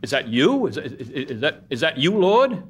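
A man voicing a frightened fellow hanging from a branch on a cliff, yelling for help in a strained high voice. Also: big pitch swings, normal speed, husky. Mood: nervous. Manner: frantic high-pitched yelling.

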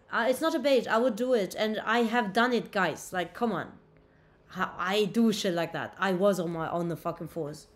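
A woman livestreaming casually on a laptop mic, brash and profane, bickering with her chat. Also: medium pitch. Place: indoors at a laptop.

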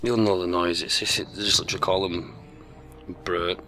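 A man's voice: low voice, fairly even intonation, moderate pace, soft background music. A man hosting casual gameplay commentary with a friend, swearing a lot and joking. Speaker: gaming channel host. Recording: game gunfire loud under the voice.

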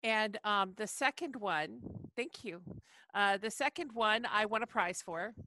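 A woman's voice: mid-range voice, a little slow, sharp tone, no echo. A woman reading her own poem aloud over a video call, chanting long rhythmic lists and rising into emphatic refrains. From not from the South. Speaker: poet. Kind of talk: poetry reading.

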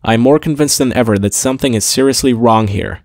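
A man's voice: medium pitch, fairly quick, no room sound, clean studio sound, natural voice. A man voicing a blunt, impatient male admiral in an audiobook, curt and brooding. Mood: terse. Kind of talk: audiobook character voice.

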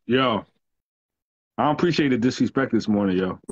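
A man's voice: medium pitch, lively intonation, moderate pace, slight background noise. Laid-back male caller on a dull line. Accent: Virginia (757 area). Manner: laid-back, says "yo" constantly. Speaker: call-in guest. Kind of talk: casual chat.

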